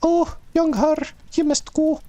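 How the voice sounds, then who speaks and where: Guy doing a squeaky scottish old lady, panicky and begging, way up high. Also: little pitch movement, takes it slowly, warm tone. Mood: frantic pleading. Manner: high falsetto wail, pleading. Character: shrill hysterical old woman innkeeper, frantic.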